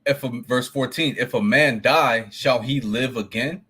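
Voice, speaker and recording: A man with a husky voice reads old-style scripture slowly, one phrase at a time. He sounds distant and lo-fi, like he is joining in over a call. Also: mid-range voice, sharp tone. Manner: slow, deliberate reading of King James verses. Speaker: scripture reader. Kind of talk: reading scripture aloud.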